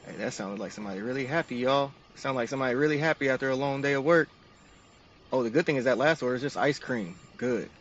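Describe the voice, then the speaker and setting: A man's voice: mid-range voice, quick pace, distant mic, muffled recording, a little hiss or hum. A man narrating each step of a game to his stream chat in an upbeat, casual way.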